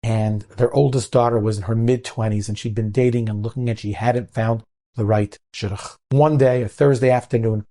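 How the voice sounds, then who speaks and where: A man's voice: medium pitch, steady tone, normal speed, dark tone. A man, a rabbi telling a moral story in an earnest sermon style, sprinkling in Hebrew words.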